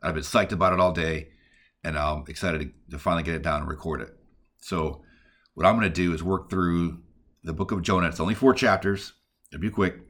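A man's voice: sits low, fairly even intonation, a little fast, fairly bright tone. A man hosting a podcast, teaching casually and earnestly on prayer and reading scripture in a conversational way. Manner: earnest, conversational, with many "like" and "all right" fillers.

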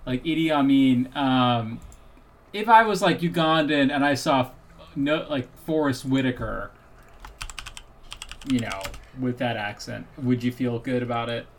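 A man hosting a podcast in casual chat, joking and swearing freely, thinking out loud with restarts. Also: medium pitch, steady tone, unhurried, a little hiss or hum. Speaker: podcast host.

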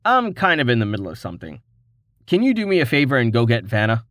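A man's voice: mid-range voice, expressive, unhurried, no room sound, studio quality, natural voice. A man as a weary young adventurer. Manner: tired, patient.

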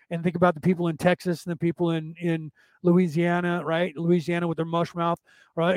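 A man from California hosts a rambling solo podcast monologue, drifting from point to point and checking in with "right?" as he goes. His voice sits high for a man. The recording is dry and close, with no room sound. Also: no echo. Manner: digressive, repeats words and asks "right?". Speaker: podcast host.

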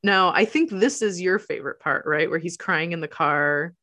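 A woman's voice: lowish voice, normal speed, sharp tone. A woman co-hosting a casual chat show, recapping a film, laughing often and acting out the characters' lines. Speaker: podcast co-host.

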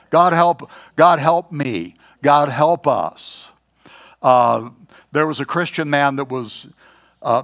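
An older man preaching a sermon in a folksy, joking way, often clearing his throat. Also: mid-range voice, a bit bright.

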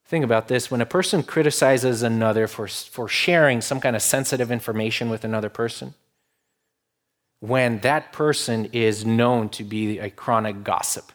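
A man preaching a conversational sermon, explaining a passage with rhetorical questions and dropping to a hushed voice for quotes. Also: medium pitch, moderate pace. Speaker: pastor.

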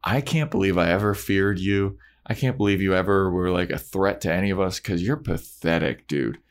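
A man's voice: deep voice, moderate pace, natural voice. Guy doing a blunt scornful young heroine, dismissive, not much of a voice change.

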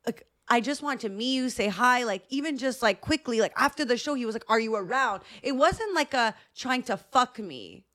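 Animated woman with a thick voice. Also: a little high, normal speed, few pauses. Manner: animated, acts out quotes, laughs often. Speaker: podcast co-host. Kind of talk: casual chat, storytelling.

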